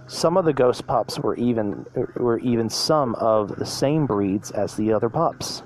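A man at a middle pitch reading a spooky children's story aloud. He often stumbles and restarts words mid-line, giving it a homemade read-aloud feel. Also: a little slow. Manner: reads with frequent restarts. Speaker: storyteller, podcast host.

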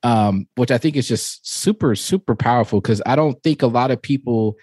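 A man in his thirties co-hosting a casual podcast, telling stories in an animated way with many fillers and bursts of laughter. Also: mid-range voice, moderate pace, slightly rough, no room sound, studio quality. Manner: animated storyteller, frequent fillers, laughs while talking. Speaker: podcast co-host.

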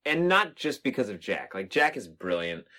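Man, animated pitch, casual movie chat, wry, teasing. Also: moderate pace. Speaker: podcast co-host.

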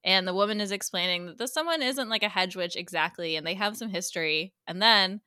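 A woman in casual podcast chat, summarizing a TV episode scene by scene. Her voice is bright and forward, recorded dry and close with no room sound. She slips into quick impressions of the characters as she tells it. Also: mid-range voice, clear, resonant tone, dry recording. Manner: animated storyteller, acts out characters' lines. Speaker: podcast co-host recapping a TV episode.

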